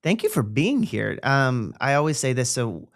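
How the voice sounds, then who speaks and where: A man's voice: mid-range voice, sing-song, moderate pace, gravelly, dry recording, studio quality. A man hosting a podcast, enthusiastic and rambling in a casual interview. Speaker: podcast host.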